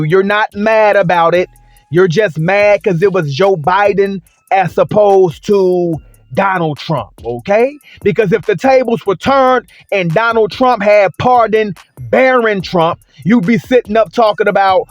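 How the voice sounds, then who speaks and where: A man's voice: high-pitched, unhurried, dry recording, soft background music. A man delivering an opinion commentary rant, sarcastic and full of rhetorical questions and emphatic repetition. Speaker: commentary vlogger.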